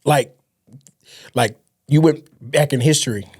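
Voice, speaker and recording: A man's voice: medium pitch, measured pace, darkish tone, husky. A man who is a music artist and podcast co-host, talking casually and laid-back, swearing freely and repeating words as he searches for them. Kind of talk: casual chat.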